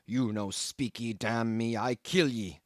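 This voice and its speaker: A man's voice: medium pitch, a little slow, no room sound, clean studio sound, lightly acted. A man voicing a fierce tattooed harpooneer who growls in broken pidgin English, in an audiobook. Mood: menacing.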